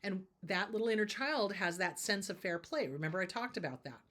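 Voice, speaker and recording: A woman with a mid-range, fairly bright voice speaks expressively and at a fairly quick clip. She's a therapist and show host offering her audience casual advice, repeating each point to hammer it home.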